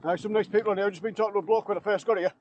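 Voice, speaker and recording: A man's voice: high voice, steady tone, rapid-fire, darkish tone. A man, out of breath after a bike ride, chatting casually and rambling in an outdoor vlog. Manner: chatty, rambling, plain-spoken. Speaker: vlogger. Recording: dull lo-fi sound with faint outdoor noise.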